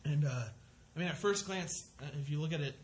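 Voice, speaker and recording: A man's voice: on the high side, fairly quick, slight background noise. A man preaching a sermon, earnest and conversational, often restarting his sentences as he works through a scripture passage. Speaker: pastor.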